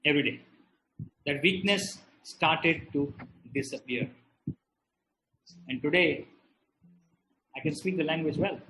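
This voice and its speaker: A middle-aged man, giving an animated motivational talk and asking the audience questions. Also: on the high side, slow pace, pauses often, echoey room, background noise. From India. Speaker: motivational speaker.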